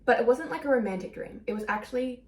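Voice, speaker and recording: A woman's voice: fairly high pitch, lively intonation, fast talker. A young woman talking in a casual confessional vlog, rambling and emotional, mocking herself and breaking into laughs, standing a little away from the camera. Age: young adult. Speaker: vlogger. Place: indoor room. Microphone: camera some distance away. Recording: echoey room, camera away.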